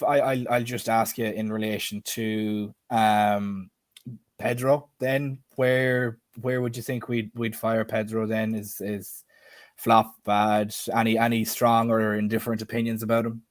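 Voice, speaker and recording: A man's voice: fairly low pitch, steady tone, unhurried, no echo, studio quality. A man hosting a casual football chat stream, chatty and quizzing his co-host, with frequent restarts. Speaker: podcast host.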